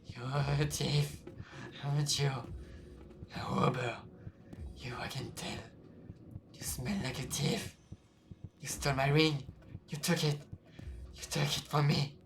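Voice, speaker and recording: A man voicing an agitated, forgetful male ghost that makes loud, insistent accusations, with game music behind. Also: medium pitch, level tone, slow, gravelly, pauses often. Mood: accusing.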